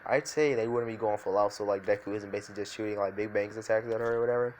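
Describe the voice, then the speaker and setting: Male narrator, lowish voice, loose off-the-cuff storytelling full of fillers. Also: fairly even intonation, very fast, a little mellow, a little hiss or hum. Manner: rambling, filler-heavy, frequent restarts. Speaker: fan fiction storyteller.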